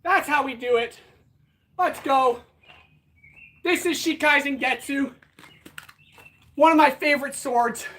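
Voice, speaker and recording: A woman's voice: sits high, slow, pauses often, a bit bright, slight background noise. A woman hosting a casual livestream, winded as she talks between sword swings and answers viewers. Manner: chatty, answers viewers directly. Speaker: blacksmith livestream host.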